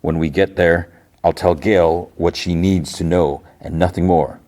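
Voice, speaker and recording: A man's voice: sits low, fairly even intonation, measured pace, darkish tone. A man hosting a podcast, casually retelling a TV episode scene by scene and acting out the characters' lines. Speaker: podcast host.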